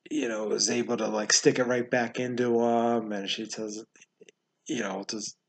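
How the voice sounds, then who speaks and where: Man, movie review host, casual rambling talk, lots of fillers, gravelly voice. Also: fairly low pitch, fairly bright tone. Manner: rambling, halting with many fillers and restarts; chuckles often while talking.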